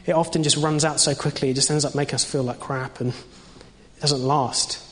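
Chatty young preacher in a reverberant hall. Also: male voice, mid-range voice, steady tone, moderate pace, fairly bright tone. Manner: conversational, frequent fillers and restarts. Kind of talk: informal sermon.

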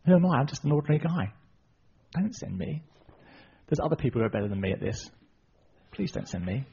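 A man voicing Moses as a reluctant, self-doubting ordinary man pleading quietly, husky on a dull recording. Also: on the high side, rapid-fire.

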